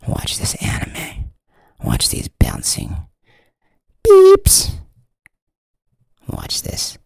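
A man voicing a sly, scheming advertiser figure who coaxes in a hushed, drawn-out low voice. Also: huge pitch swings, gravelly, husky, no echo, clean studio sound, full character voice. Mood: coaxing.

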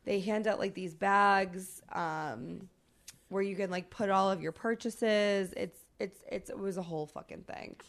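A woman podcast co-host telling a travel story in casual chat, animated and swearing freely, with lots of fillers. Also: mid-range voice, measured pace.

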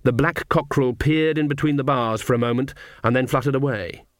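A man narrating an audiobook in a measured, wry storytelling manner, recorded close to the mic. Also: medium pitch, no room sound.

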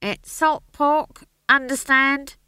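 A woman's voice: fairly low pitch, brisk, bright, forceful tone, clean tone, no echo. A woman voicing a sullen, irritable male dwarf who speaks in curt, grumbling bursts. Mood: grumpy. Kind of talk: audiobook character voice.

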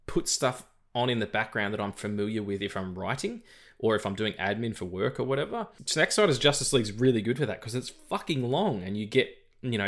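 A man's voice: mid-range voice, a bit bright. An Australian man co-hosting a podcast in casual chat, rambling and swearing, often repeating words as he stumbles. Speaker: podcast co-host.

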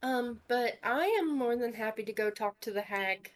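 Woman game master, casual and self-deprecating, slightly high voice. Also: moderate pace. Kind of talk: running a tabletop game, casual.

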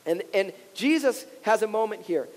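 A man in his thirties, a pastor, preaching a sermon in a relaxed, conversational way, often laughing and acting out the voices of the people he quotes. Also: sits high, normal speed. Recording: long hall reverb.

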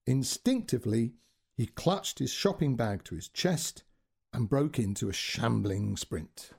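A man narrating a short story as storyteller, in an expressive, dramatic reading that moves between hushed and raised passages. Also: medium pitch, husky.

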